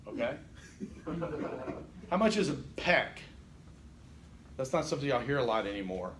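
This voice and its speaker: A man teaching a college class, animated and joking, often checking in with the room. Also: a little high, normal speed, long pauses, a little hiss or hum. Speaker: college instructor. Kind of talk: classroom lecture.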